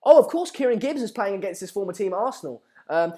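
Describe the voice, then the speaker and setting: Very animated and fast-talking, this young man has a high-pitched voice with a dark tone as he hosts a football watchalong live stream, chattily reading out viewer comments and filling gaps with lots of ums and uhs.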